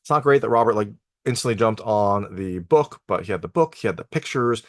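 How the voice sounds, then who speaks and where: Low-voiced man recapping a TV episode. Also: expressive, brisk, no echo, clean studio sound. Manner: conversational, lots of "like" and "you know" fillers. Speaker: TV review host.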